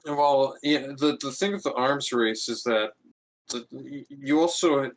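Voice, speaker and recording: A man chatting casually with friends, his thoughts rambling as he circles back and restarts sentences. His voice sits at an ordinary middle pitch. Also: measured pace, low-quality recording. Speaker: watch-along participant. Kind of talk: casual group chat over an episode.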